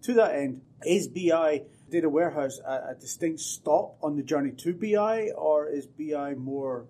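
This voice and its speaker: A man's voice: fairly high pitch, moderate pace, mellow. A man hosting a podcast, asking his guest playful, probing questions in a casual chat. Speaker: podcast host.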